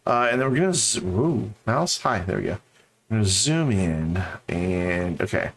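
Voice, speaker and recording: Speaking at normal speed with a lowish voice and big swings in pitch, a man streams a game and rambles casually to his viewers. There's slight background noise behind this live-stream chat.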